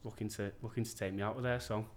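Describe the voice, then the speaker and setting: A man's voice: on the low side, fairly even intonation, quick pace. A man, telling stories as a podcast guest in a laid-back, sweary way. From England. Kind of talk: casual chat.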